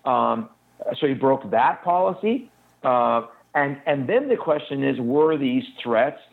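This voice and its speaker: A man telling a detailed story in a fast, urgent way as a guest in an interview. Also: medium pitch, expressive, vocal fry. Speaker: guest recounting an incident. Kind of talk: phone-in interview account. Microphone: telephone. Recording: tinny phone line.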